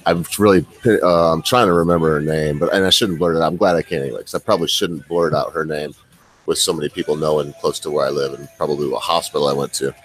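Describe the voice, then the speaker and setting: Low-voiced rambling man telling a story. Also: steady tone, fast talker, fairly bright tone, poor audio. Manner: rambling, self-deprecating, laughs often. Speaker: vlogger. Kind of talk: casual storytelling to viewers.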